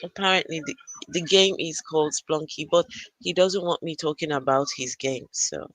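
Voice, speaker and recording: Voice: medium pitch, normal speed, fairly bright tone, no room sound, low-quality recording. An adult parent hosting a casual live stream from a gaming arena computer, chatting and greeting viewers by name. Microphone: arcade computer, no camera.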